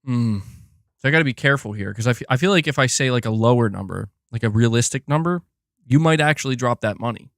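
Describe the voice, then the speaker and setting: A man's voice: mid-range voice, animated, fast, dry recording, clean studio sound. A man live-streaming in casual chat, rambling and swearing with many restarts. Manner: profane, frustrated, rambling with restarts.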